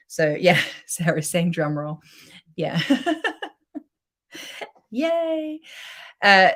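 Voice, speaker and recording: A woman coach giving a chatty, effusive live-streamed pitch for her course and reading out viewer comments. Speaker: self-love coach.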